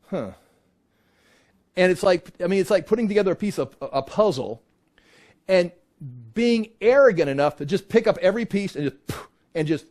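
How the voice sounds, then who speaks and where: A middle-aged man teaches a Bible class with a lot of energy. His voice sits high and jumps around a lot in pitch. He slips in sarcastic asides and mock voices as he explains. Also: darkish tone.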